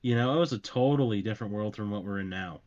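Low-voiced rambling man with lo-fi sound. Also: fast talker, darkish tone. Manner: rambling, self-mocking storytelling with frequent fillers. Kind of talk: casual chat.

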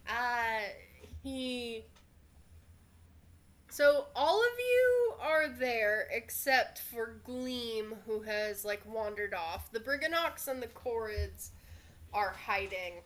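A woman running a tabletop game as game master, narrating with frequent fillers. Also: fairly high pitch. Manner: slow, relaxed narration with many fillers.

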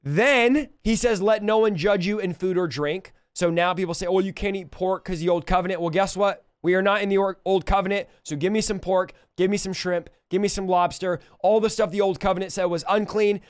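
A young male preacher works through scripture in a chatty, energetic way, talking straight to his audience. His voice sits high and comes through smooth and clear. The recording is close and dry, with no room sound. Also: fairly quick, hardly any pauses, no room sound. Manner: energetic, conversational, direct address to viewers. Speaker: preacher and podcast host. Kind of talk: verse-by-verse Bible teaching.

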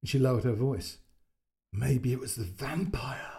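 A man voicing a wide-eyed little girl who speaks breathless and hushed in a storybook reading. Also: a little high, sing-song, a little fast. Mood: awed.

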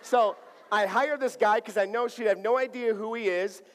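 A male pastor preaching a sermon, telling a personal story in a lively, playful way and acting out the dialogue. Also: high-pitched, moderate pace. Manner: animated, acts out dialogue playfully. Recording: long hall reverb.

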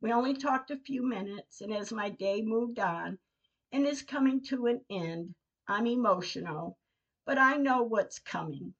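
A woman hosting a podcast, reading her personal diary entries aloud in a measured, emotional way. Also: fairly high pitch, dull audio. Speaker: podcast host.

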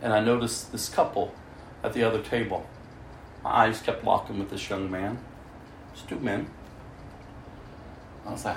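A man's voice: on the low side, fairly even intonation, moderate pace, gravelly, long pauses. Storytelling man preaching in an echoey room. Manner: storytelling, swings from loud to hushed. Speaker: preacher giving testimony. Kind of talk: sermon testimony. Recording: echoey room, mic far off, faint noise.

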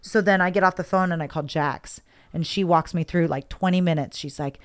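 A woman's voice: fairly low pitch, a little fast. A woman candidly recounting a personal story as a guest, emotional and rambling, often repeating words.

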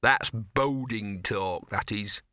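A man's voice: fairly low pitch, takes it slowly, bright, forceful tone, no echo. A man reading an audiobook, voicing a scruffy, cynical talking male dog with dry, grumbling wisecracks. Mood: wry grumbling.

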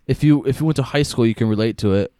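A man's voice: medium pitch, fast, mellow, dry recording, clean studio sound. A young man co-hosting a podcast, explaining things earnestly and step by step in a casual chat. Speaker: podcast co-host.

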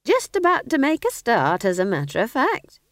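A woman's voice: a little high, wildly swooping pitch, unhurried, no room sound, studio quality, voice pushed up, exaggerated voice. A woman voicing an earthy, cheerful old witch who talks in a blunt, chatty way for an audiobook. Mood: cheeky. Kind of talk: audiobook character voice.

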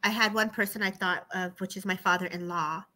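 A woman's voice: mid-range voice, steady tone, brisk, pushed and bright. A woman acting as sitter and co-host, mostly giving brief affirmations and replies.

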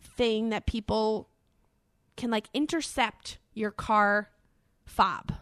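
A woman's voice: fairly high pitch, takes it slowly, fairly bright tone, dry recording. A woman, co-hosting a podcast, telling a long story with many likes and ums. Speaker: podcast co-host. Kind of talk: casual chat.

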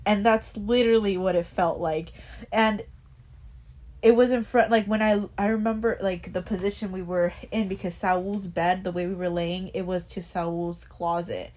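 A woman's voice: mid-range voice, steady tone, normal speed, a little mellow. A young woman casually telling a personal story, rambling, swearing a lot and restarting her sentences. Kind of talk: casual chat.

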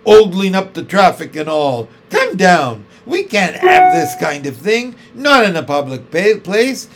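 A man reading a storybook aloud voices a blustering, angry policeman who shouts and stumbles over his words. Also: very high-pitched, expressive, extremely slow, vocal fry, over loud music, pitched above the performer's own voice, heavily acted.

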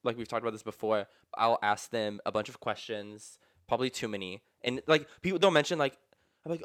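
A man's voice: mid-range voice, brisk, a bit bright, smooth. A man co-hosting a podcast in casual chat, rambling and using lots of filler words. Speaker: podcast co-host.

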